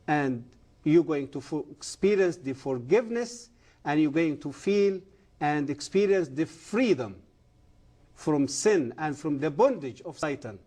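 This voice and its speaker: This middle-aged Egyptian guest, testifying and preaching during a TV interview, speaks English haltingly and earnestly, his grammar clearly non-native. The voice is husky, dark and mellow though pitched fairly high for a man, with lively intonation. Important words land with strong, emphatic conviction.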